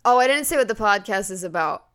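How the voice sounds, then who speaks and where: A woman co-hosting a casual podcast, rambling along in an offhand, deadpan way and swearing freely. Her voice is bright and clear, with a smooth ring to it. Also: mid-range voice, fast. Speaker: podcast co-host.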